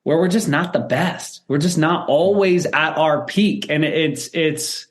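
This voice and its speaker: A man's voice: a little high, unhurried. A man, a former football coach, answering interview questions in an earnest, reflective way with many restarts and tag questions.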